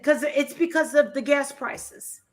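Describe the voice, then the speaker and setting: A woman with a New Jersey accent, co-hosting a casual chat, loud and blunt and swearing freely. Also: high-pitched, unhurried.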